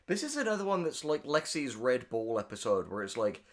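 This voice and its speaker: Podcast guy with a bouncy voice, quick wry comments and crude jokes. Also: mid-range voice, big pitch swings. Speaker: podcast co-host. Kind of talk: casual chat.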